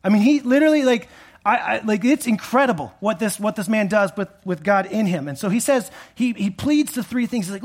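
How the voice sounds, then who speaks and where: A male pastor preaching a sermon in a conversational way, rising to emphatic peaks and dropping low again, with frequent restarts. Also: animated, fairly quick.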